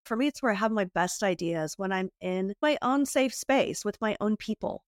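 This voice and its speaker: A middle-aged woman tells her stories with lively, swooping pitch and a quick, animated delivery. The recording is close and dry, with no room sound. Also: no room sound. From United States. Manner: lively, animated storytelling with frequent laughter. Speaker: guest, beauty entrepreneur. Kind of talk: candid storytelling in a podcast interview.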